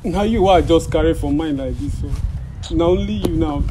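Male actor as a desperate broke boyfriend, Nigerian Pidgin, high voice, crying and stammering pleas, noisy take. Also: normal speed, warm tone, natural voice. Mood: sobbing, pleading. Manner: pleading, sobbing, stammering. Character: desperate broke young man, pleading girlfriend. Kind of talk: comedy skit acting. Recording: noisy background.

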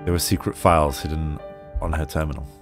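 A man voicing a weary male raccoon private eye in a low-key, tired manner. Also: fairly even intonation, fast talker, over music.

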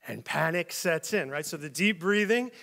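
High, bright-voiced animated male preacher. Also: moderate pace, vocal fry. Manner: animated storytelling, acts out voices in shouts. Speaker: pastor. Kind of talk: sermon.

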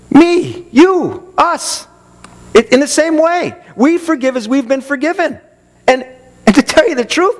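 Emphatic preacher, higher-pitched man. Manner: emphatic, builds long lists, acts out listeners' objections. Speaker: pastor. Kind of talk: sermon. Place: church.

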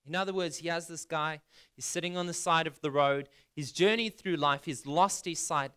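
A man's voice: a little high, normal speed, bright, forceful tone, smooth. A man giving a sermon, retelling a scripture story in plain words and asking his listeners questions. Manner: conversational preaching, asks the audience questions. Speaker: pastor.

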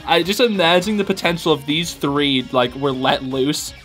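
A man hosting a reaction video, excitable, laughing often and saying "dude" a lot. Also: on the high side, normal speed, soft background music. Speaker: host reacting to fan videos. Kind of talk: casual reaction commentary.

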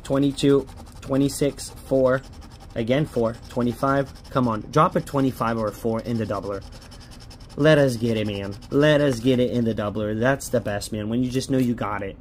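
Casual male vlogger, mid-pitched, hopeful chatter with faint background hiss. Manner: chatty, hopeful, pleads with the ticket. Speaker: scratch-off lottery vlogger. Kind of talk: casual running commentary.

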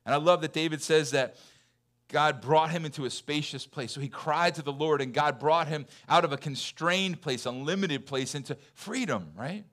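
A man in his thirties preaching a sermon in a church, chatty and full of fillers, dropping to soft, intense lows. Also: moderate pace. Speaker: pastor. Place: church hall.

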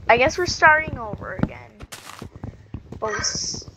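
A woman chatting casually while playing a video game, excitable and giggly, gasping and stammering as she goes. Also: high voice, normal speed, heavy background noise. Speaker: gaming video host. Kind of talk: casual gameplay chat.

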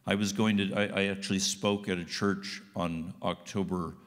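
A man's voice: sits low, fairly even intonation, moderate pace, long reverb tail. A man giving a guest sermon in a church, folksy and conversational. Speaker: guest speaker. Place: church sanctuary.

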